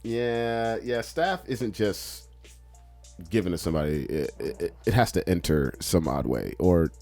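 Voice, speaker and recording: Low-voiced man telling a profane story. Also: expressive, a little slow, a little mellow, faint music behind. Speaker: podcast co-host. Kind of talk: casual chat.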